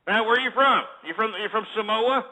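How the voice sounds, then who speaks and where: A man hosts a comedic call-in show with a high, piercingly bright voice. He talks in brash, mocking, boastful shock-jock patter and teases his callers relentlessly. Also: fairly quick, low-quality recording. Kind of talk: comedic call-in radio parody.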